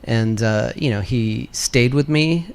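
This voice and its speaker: A man speaking as the guest actor on a fan convention panel, relaxed and candid, with frequent fillers. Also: medium pitch, slow, clean tone. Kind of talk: casual panel answers.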